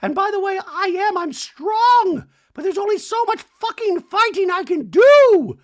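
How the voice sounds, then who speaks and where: A brassy, melodramatic woman reality star who gushes and wails, her voice pitched way up high and swinging wildly , as a man puts her on. She sounds shrill and breathy, all big emotion and little restraint. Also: lively intonation, a little slow. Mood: dramatic.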